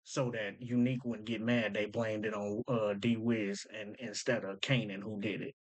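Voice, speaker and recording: A man's voice: lowish voice, little pitch movement, moderate pace. A man hosting a casual breakdown of rap lyrics, thinking aloud, repeating lines back and explaining them in loose slang. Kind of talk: casual commentary.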